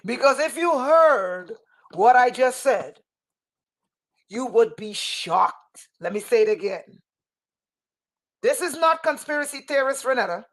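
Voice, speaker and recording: A woman with a high voice talks slowly and with fervor on a livestream, like a spiritual teacher. She repeats phrases for emphasis and now and then pushes up into a shout. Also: expressive. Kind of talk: impassioned livestream talk.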